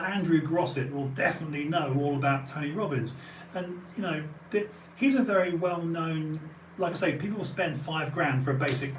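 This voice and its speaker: A man's voice: fairly high pitch, recorded from a distance, a little hiss or hum. British man in an echoey room. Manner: rambling, full of fillers and restarts, bursts of emphasis. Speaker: auction house owner and live streamer. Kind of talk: casual podcast conversation.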